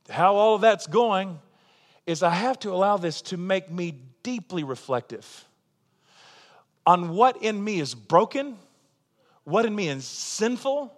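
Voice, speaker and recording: Impassioned high-voiced male preacher, reverberant hall. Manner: impassioned, swings from quiet to loud. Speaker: pastor. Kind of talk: sermon.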